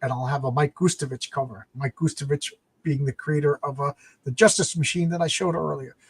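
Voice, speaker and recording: A man's voice: a little high, fairly even intonation, slightly rough, no echo. Man rambling through comic plots late at night. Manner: rambling, retells comic plots with quick put-on lines. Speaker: comics live stream host. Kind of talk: casual late-night live stream chat.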